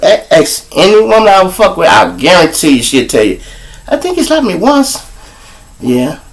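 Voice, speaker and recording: A man hosting a live show, telling crude, preachy comic stories. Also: medium pitch. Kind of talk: profane comic storytelling.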